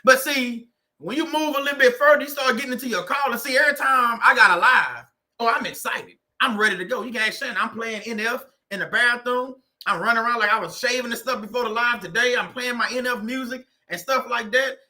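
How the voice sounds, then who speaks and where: A man's voice: very high voice, fairly quick, sharp tone. A man hosting a faith-based livestream, talking in a preachy, conversational way and repeating phrases for emphasis. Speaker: host of a faith-based livestream on narcissistic abuse. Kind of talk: live-stream motivational talk.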